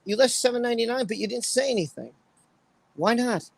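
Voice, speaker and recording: A man's voice: extremely high pitch, expressive, fairly quick, gravelly, breathy edge, no echo, rough recording. A man hosting a livestream and chatting casually. He sounds emotional and apologetic, and he reads out viewers' comments by name. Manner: emotional, apologetic, reads chat names aloud. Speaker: livestream host.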